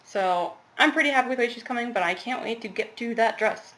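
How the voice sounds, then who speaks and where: A woman's voice: a little high, fast talker, fairly bright tone. A young woman chatting casually to camera about her cross-stitch, rambling with laughing asides, recorded at home in a small apartment.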